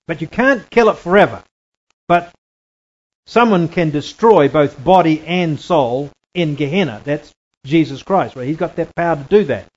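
A man teaching a Bible lesson from slides, deliberate and repetitive, often checking in with "right?". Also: on the high side, muffled recording. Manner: deliberate, repeats key phrases, checks in with "right?".

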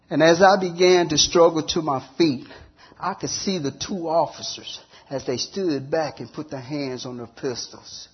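A man telling his personal testimony in an earnest storytelling way, with long pauses and repeated words. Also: on the high side, husky, muffled recording. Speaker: testimony speaker.

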